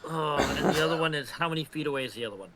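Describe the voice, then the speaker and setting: A man playing a tabletop game, eagerly planning his character's moves out loud. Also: a little high, expressive, racing, a crowd in the background. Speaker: player.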